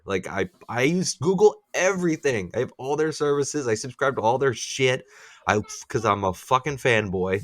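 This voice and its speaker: A man's voice: mid-range voice, moderate pace, no echo, clean studio sound. A man co-hosting a podcast, chatting casually and ranting with plenty of swearing. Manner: profane, ranting, animated complaints. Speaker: podcast co-host. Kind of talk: casual chat.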